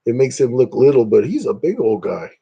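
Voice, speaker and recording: A man's voice: medium pitch, very animated, a little fast, gravelly, warm tone, breathy edge. A man from Indiana hosting a casual livestream, rambling chattily and greeting viewers by name. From Northeast Indiana, USA. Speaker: livestream host.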